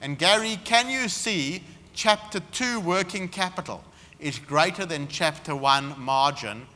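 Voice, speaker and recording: Bright-voiced man lecturing in a hall. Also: on the high side, animated, unhurried. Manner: emphatic, punchy storytelling delivery. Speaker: seminar speaker. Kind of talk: business seminar talk. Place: expo seminar hall. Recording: reverberant hall.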